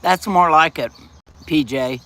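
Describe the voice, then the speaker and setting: Slow-talking man chatting on a livestream. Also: fairly high pitch, pushed and bright. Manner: chatty, answers viewer comments aloud. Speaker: livestream host. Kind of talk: casual live chat.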